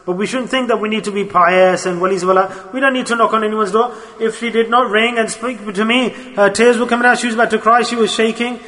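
A man's voice: sits high, fairly even intonation, fast, few pauses, bright, forceful tone, big-room sound. A man preaching a sermon in a mosque, earnest and exhorting, mixing Arabic and Urdu religious terms into his talk.

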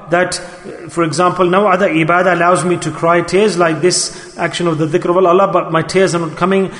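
High-voiced preacher in an echoey hall. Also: male voice, flat delivery, fairly bright tone. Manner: earnest, pleading, slow emphatic repetitions. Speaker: Sufi preacher. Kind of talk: sermon to a gathering.

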